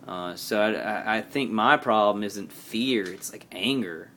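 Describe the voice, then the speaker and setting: A man with a very low voice talks straight to his viewers in a personal video diary. His delivery is rambling and halting, but earnest throughout. A faint background hiss sits under the recording. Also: fairly bright tone. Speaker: vlogger.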